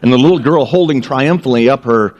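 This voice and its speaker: A male pastor preaches a sermon before his congregation, telling animated stories and making jokes at his own expense. His voice is mid-range and fairly quick.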